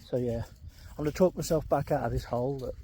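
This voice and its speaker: Fast-talking and mellow, this middle-aged man has a mid-range voice with a little hiss or hum on the recording. Out walking his dog with a painful limp, the vlogger chats candidly into his earbud mic, rambling and ums throughout.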